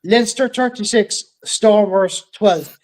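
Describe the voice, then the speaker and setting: High-voiced Irish man hosting. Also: slow pace, darkish tone, low-quality recording. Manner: joking, banter-heavy. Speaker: podcast host. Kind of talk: casual chat.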